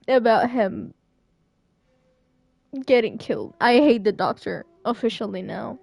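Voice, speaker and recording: Slow tearful young woman streamer. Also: on the high side, creaky, a little mellow, husky, no room sound. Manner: emotional, tearful, laughing reactions. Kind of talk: live game stream reaction.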